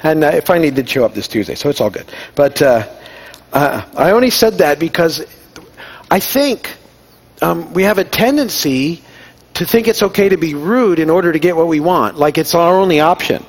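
A man's voice: on the high side, lively intonation, normal speed. A middle-aged man giving an informal sermon, telling personal stories and acting out the dialogue in a conversational, self-deprecating way. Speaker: pastor.

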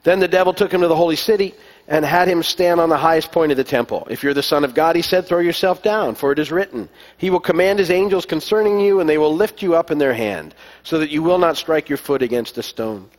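A man preaching a sermon as pastor, telling stories in a relaxed way with many fillers and restarts. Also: a little high, quick pace. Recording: long echo of a large hall.

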